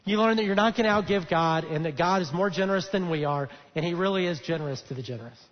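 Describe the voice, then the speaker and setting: A pastor with a high voice gives a sermon in a loose, conversational way, pausing often on fillers. His voice carries a long reverb in a church auditorium. The sound is a bit muffled. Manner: conversational storytelling with frequent fillers. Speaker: lead pastor. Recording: dull echoey church hall.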